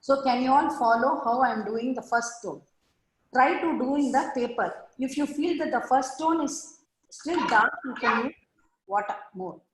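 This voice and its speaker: A woman's voice: high-pitched, moderate pace, slight background noise. A woman teaching an online art class, giving patient step-by-step instructions over a video call. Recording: echoey room on a video call.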